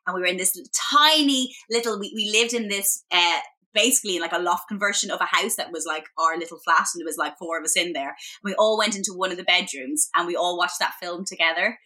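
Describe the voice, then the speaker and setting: An Irish woman in a casual podcast chat, telling stories in a lively, animated way with plenty of fillers. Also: fairly low pitch, fast, few pauses. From Ireland. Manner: chatty, animated storytelling with many fillers. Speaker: podcast guest.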